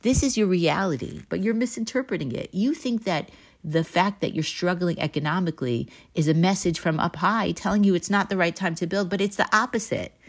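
Woman Bible teacher, fairly low voice, patient explaining, slow verse reading. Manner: explains patiently, reads Hebrew verses slowly and translates them. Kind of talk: text study lecture.

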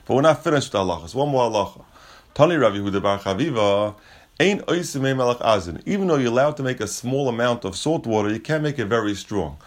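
Teaching a Talmud lesson, a man reads lines in Aramaic and explains them casually in English. His medium-pitched voice is expressive and fast, and he often restarts and restates his points.

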